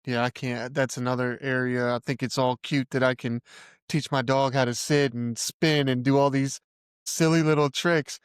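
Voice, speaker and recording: A man's voice: mid-range voice, fairly even intonation, normal speed, clear, resonant tone, no echo, clean studio sound. A man who is a podcast guest, talking casually and agreeing with short replies. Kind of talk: casual chat.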